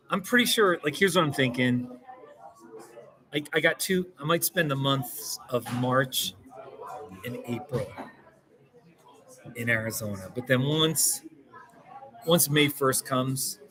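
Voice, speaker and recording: In a casual vlog shot outdoors in a small mountain town, a man talks to the camera, rambling, mocking himself and laughing often. His voice is a little high, bright and forceful, and the recording quality is low.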